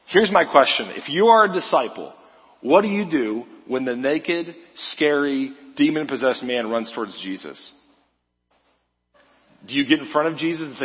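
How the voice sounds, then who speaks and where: A man's voice: medium pitch, expressive, normal speed, husky. A man giving a casual, joking sermon as a guest preacher, talking in a loose, conversational way. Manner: casual, joking, uses "like" often. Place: church sanctuary. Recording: echoey hall, slightly dull sound.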